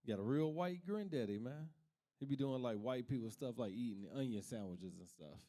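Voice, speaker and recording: A man's voice: mid-range voice, animated, normal speed, mellow. A man from Kentucky doing stand-up, telling laid-back family stories and laughing at his own jokes. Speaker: stand-up comic. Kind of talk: stand-up comedy.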